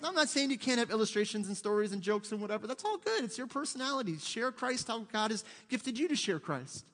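Talking fast with hardly any pauses, a drawling middle-aged pastor delivers a humorous, aside-filled sermon that feels like a conversation. His bright, high-for-a-man voice swings widely in pitch, ringing with long reverb in the church sanctuary.

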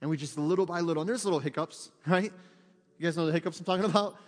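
A high-voiced male pastor delivers a rapid-fire sermon in a church, talking to the congregation in a lively, chatty way and acting out little quotes. Long reverb from the sanctuary rings around his voice.

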